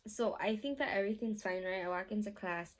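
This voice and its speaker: A young woman talks straight to her viewers in a loose storytime Q&A. She rambles through the story, swearing heavily and padding it with filler words, and gets animated and laughs as it builds. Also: medium pitch, a little fast. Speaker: vlogger. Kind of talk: casual storytime Q&A.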